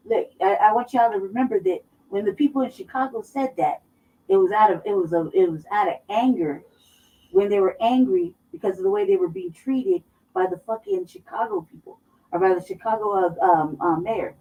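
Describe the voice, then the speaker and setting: A blunt, emphatic woman from Colorado co-hosting a political talk show, swearing freely as she drives her points home. Her voice is mellow and dark. It sounds dull and a little distant from the microphone. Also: medium pitch, brisk. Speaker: co-host. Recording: dull, somewhat distant mic.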